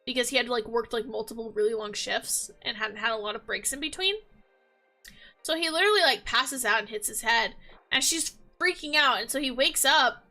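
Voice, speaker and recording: A woman's voice: fairly high pitch, brisk, pushed and bright, faint music behind. A woman chatting casually as a gaming vlogger, gushing and rambling with lots of fillers. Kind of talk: casual chat.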